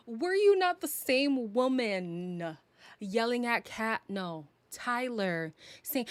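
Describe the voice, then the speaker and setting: A woman's voice: fairly high pitch, lively intonation, slow pace. A young Canadian woman talks through a reality TV finale on a live stream, teasing and dramatic, with frequent laughs. She takes her time and draws out her words. The sound is dry and close, with no room echo. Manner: laughs often. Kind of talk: casual live review chat.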